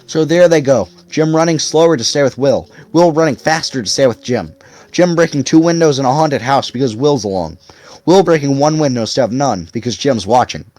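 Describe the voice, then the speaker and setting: A man's voice: medium pitch, animated, fairly quick, darkish tone. A man reading a novel aloud expressively as audiobook narrator. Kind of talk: scripted narration.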